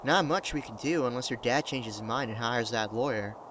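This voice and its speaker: A man's voice: mid-range voice, fairly quick, noisy background, lightly acted. A man reading as a blunt, worried mother.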